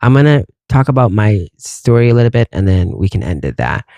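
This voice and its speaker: A mellow, darker-toned man around forty tells a story on his podcast in a loose, rambling way. He swears freely and keeps asking questions aloud. His voice sounds close and dry, with no room around it. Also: on the low side, big pitch swings, a little fast, dry recording. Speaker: podcast host.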